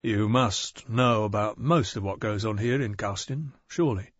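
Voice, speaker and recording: A man voicing a calm, methodical male police detective in an audiobook, asking direct questions. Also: lowish voice, normal speed, dry recording, lo-fi sound, lightly acted. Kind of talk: audiobook character voice.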